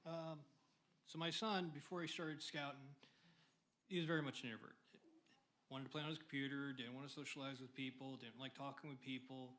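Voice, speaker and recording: Quick, slightly nervous proud parent. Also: male voice, medium pitch, flat delivery, a bit bright. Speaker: parent of a scout. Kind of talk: informal speech at a ceremony. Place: church ceremony.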